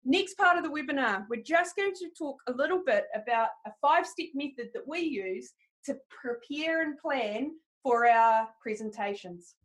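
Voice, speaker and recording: A woman's voice: sits high, lively intonation, normal speed. A woman teaching a live webinar on presentation skills, upbeat and encouraging as she talks straight to her audience.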